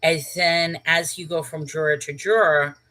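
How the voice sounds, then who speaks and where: Animated woman vlogger telling a story, bright voice, laughs a lot. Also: sits low, a little slow, rough recording. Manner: chatty, animated, laughs at herself, frequent restarts. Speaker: channel host. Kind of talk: storytelling vlog.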